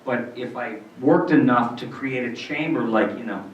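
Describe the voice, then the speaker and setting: A man in his sixties telling rambling, animated stories as a guest at a convention panel. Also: mid-range voice, normal speed, a little hiss or hum. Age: 60s. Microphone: filmed from the audience. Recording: distant, roomy, muffled hall recording.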